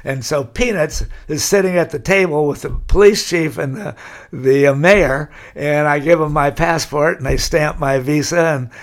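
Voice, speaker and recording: A slightly high-pitched man speaks at a moderate pace. He's an older Californian guest in a storytelling interview, rambling through long anecdotes and chuckling along the way.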